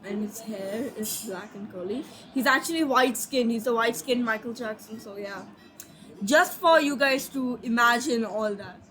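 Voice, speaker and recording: A woman's voice: a little high, normal speed, fairly bright tone, rough recording. A sleepy woman casually telling her own fan story, rambling, apologizing and trailing off.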